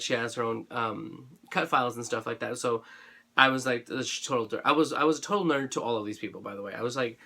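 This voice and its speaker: A craft channel vlogger talks casually to camera about his supplies, rambling and gushing with lots of fillers and restarts, throat slightly dry. He's a fast talker with a medium-pitched, gravelly, bright, forceful voice.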